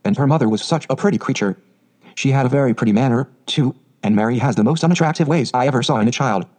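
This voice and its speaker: A kindly clergyman's wife from a storybook, soft and pitying, sighing as she speaks, as a man reads her. The voice is mellow and dark-toned, at a middle pitch. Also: fast, close to an everyday voice.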